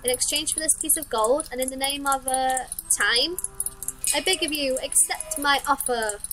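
A woman voicing a polite, curious young girl in a horror game, in a high sweet girlish voice. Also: lively intonation, a little fast, bright, forceful tone, faint music behind. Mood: pleading.

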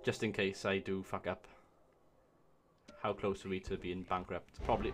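A man gives excitable gameplay commentary, swearing often and talking to himself as he plays. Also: low voice, normal speed, pauses often, soft background music. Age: 20s. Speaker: let's play host.

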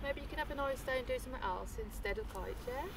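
A woman passer-by talking in a gentle, soothing, concerned way, outdoors in a park. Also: high-pitched, fast. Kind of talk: casual chat.

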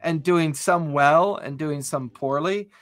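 A man's voice: on the high side, slow pace, fairly bright tone. Enthusiastic, rambling man on a podcast. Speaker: podcast co-host. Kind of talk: casual chat about tabletop role-playing.

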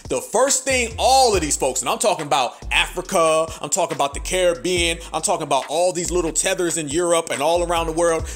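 A man with a notably high voice delivers a fiery, preachy podcast monologue. He fires off rhetorical questions and punctuates them with profane slang. Faint music sits under his voice. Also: a bit bright. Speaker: podcast host.

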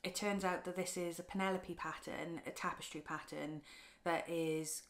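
A woman, chatting tenderly and a little haltingly as she shows her craft work in a casual vlog. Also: on the low side, steady tone. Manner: soft, tender, chatty, with halting restarts and ums. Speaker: craft vlogger. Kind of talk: casual show-and-tell vlog.

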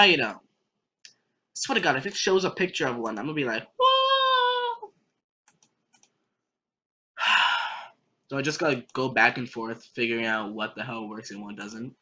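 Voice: mid-range voice, animated, a little fast, pushed and bright, breathy edge. A young adult gamer giving let's play commentary, joking, rambling and talking back at the game on screen. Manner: jokey, rambling, talks to the game. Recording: dull lo-fi recording.

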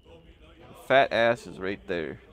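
A man gives casual commentary while playing a video game. He swears freely, reacts excitedly, and his voice rises and falls in lively swings. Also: deep voice, takes it slowly, a little hiss or hum. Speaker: streamer. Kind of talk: gaming commentary.

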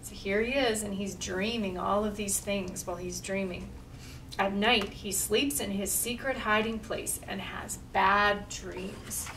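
A woman's voice: medium pitch, fairly even intonation, measured pace, fairly bright tone. A woman reading a picture book aloud at a library storytime, chatty and pointing at the pictures. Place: library room. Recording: distant mic, faint room noise.

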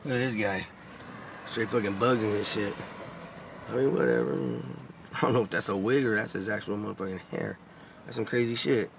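A man's voice: on the low side, a little fast, gravelly, pauses often, a little hiss or hum. A man recording a casual tour of his old neighborhood on a phone from a car, telling street stories with lots of swearing and laughter. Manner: profane, laughing, animated storytelling. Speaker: vlogger giving a neighborhood tour. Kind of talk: casual storytelling while driving. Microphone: phone camera.

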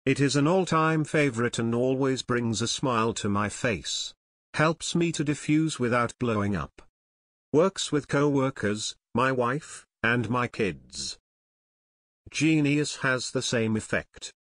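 A man's voice: medium pitch, takes it slowly, no room sound. Man reading comments aloud, dry and close. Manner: steady, even read-through of one comment after another. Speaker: narrator.

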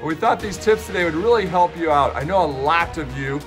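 A man in his forties hosting, telling stories in an upbeat, animated way. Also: fairly high pitch, fairly quick. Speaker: host and keynote speaker. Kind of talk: casual storytelling to camera. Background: music bed.

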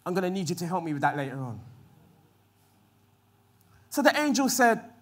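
High-voiced man preaching. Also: big pitch swings, normal speed, pauses often. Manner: acts out scripture voices, shifts from soft to loud. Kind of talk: sermon. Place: church hall.

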